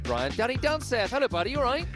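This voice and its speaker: A man hosting a sports podcast, opening the show and then teasing his co-host with quick interjections. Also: very high-pitched, very animated. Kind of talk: podcast intro and casual chat. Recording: loud hip hop music under the intro.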